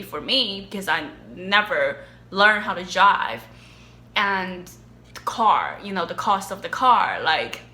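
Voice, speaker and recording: A young woman with a Chinese accent talks through viewer questions in a loose, animated way and laughs often. Her voice is bright and clear at a medium pitch. The room around her sounds echoey. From China. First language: Mandarin Chinese. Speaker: vlogger. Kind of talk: casual Q&A chat.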